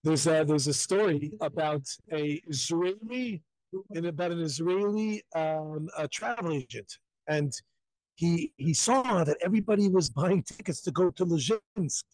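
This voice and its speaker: Emphatic high-voiced man telling a story. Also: measured pace, darkish tone, no echo, rough recording. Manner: repetitive, emphatic, acts out quotes. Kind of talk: animated live storytelling. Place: outdoors at a crowded pilgrimage site.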